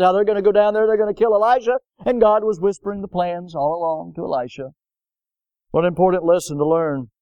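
A man's voice: sits high, darkish tone, clean tone, no room sound. A man preaching a sermon emphatically and putting questions to his congregation. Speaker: pastor.

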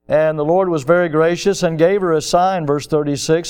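A man's voice: on the high side, steady tone, normal speed, hardly any pauses, darkish tone, clean tone. A middle-aged man preaching a sermon as pastor, building to emphatic, impassioned peaks.

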